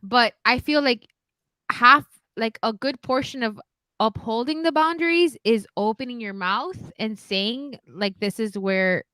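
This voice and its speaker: Bright, blunt-talking woman on a podcast. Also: fairly high pitch, expressive, unhurried, no room sound. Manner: blunt, opinionated, swears freely. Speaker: podcast co-host. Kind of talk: casual podcast chat.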